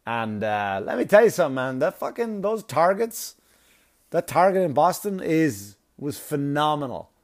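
A man doing stand-up, telling a long story in a profane, animated way with laughing asides. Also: fairly high pitch, normal speed. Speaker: comedian.

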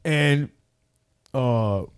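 A man, a radio personality and MC, telling loud, animated stories on a podcast and swearing often. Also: medium pitch, very slow, clear, resonant tone. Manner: animated, loud, acts out other people's voices, swears often. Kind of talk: casual storytelling on a podcast.

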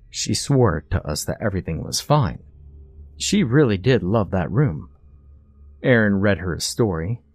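A man narrates a scripted horror story in the first person, measured and expressive. His voice sits fairly low but rises and falls widely. The recording is close and dry, with no room sound. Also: no echo.

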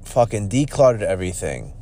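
A man's voice: on the low side, very animated, brisk, dark tone. A man hosting a podcast, talking bluntly in a casual monologue, cursing and calling listeners bro. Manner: blunt, profane, says "bro". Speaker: podcast host, gym owner.

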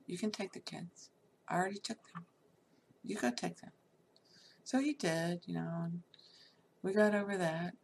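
Gravelly middle-aged lady telling her story straight out, cusses a lot, bit of faint noise behind. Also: on the low side, moderate pace, long pauses, darkish tone. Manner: candid, blunt, swears freely. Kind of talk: personal storytelling.

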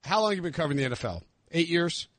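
A man's voice: a little high, expressive, rapid-fire, a bit bright, no room sound. A man in his thirties hosting a casual sports podcast and teasing his co-hosts. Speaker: podcast host.

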